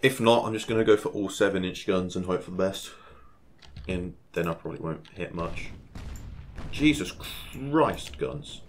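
Low-voiced man narrating his gameplay. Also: a little fast. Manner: chatty, talks to himself while playing, excitable exclamations. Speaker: gaming channel host. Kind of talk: casual gameplay commentary.

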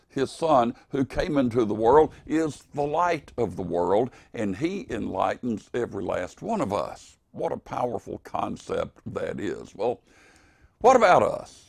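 Older male preacher, gravelly voice, slow deliberate pace, earnest emphatic devotional, dry close sound. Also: on the low side, darkish tone, no echo. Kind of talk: evening devotional sermon.

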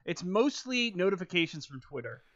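A man's voice: high-pitched, sing-song, brisk, a bit bright. A man co-hosting a podcast, chatting in a wry, meandering way. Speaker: podcast co-host. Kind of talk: casual chat. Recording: dull lo-fi mic.

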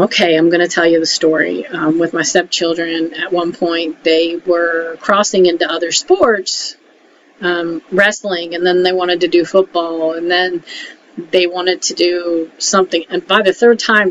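A woman's voice: fairly low pitch, a bit bright. Chatty woman giving frank life advice. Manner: chatty, keeps checking in with "okay?"; frank, mildly salty. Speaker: emotional support vlogger. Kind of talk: casual advice talk to camera. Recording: dull lo-fi audio with faint hiss.

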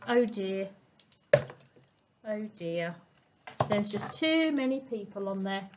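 A woman storyteller reading a picture book aloud to young children, expressive and asking them questions. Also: medium pitch, slow pace, background noise. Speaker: family centre storyteller.

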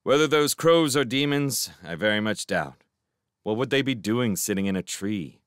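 A man's voice: on the low side, expressive, moderate pace, clean tone, dry recording, clean studio sound, natural voice. A man voicing a cheerful, cocky teenage boy in a storybook reading, breezy and teasing. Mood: chatty.

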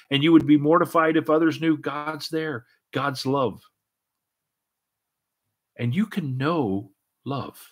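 A middle-aged pastor with a fairly high, fairly bright voice preaches earnestly. The sermon is repetitive, full of false starts and repeated "and, and."

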